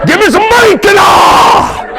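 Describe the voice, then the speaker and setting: A man doing a loud, gasping old-time preacher voice that shouts in a heaving cadence. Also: very high-pitched, takes it slowly, a loud crowd, heavy background noise, pitched above the performer's own voice, exaggerated voice. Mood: ranting.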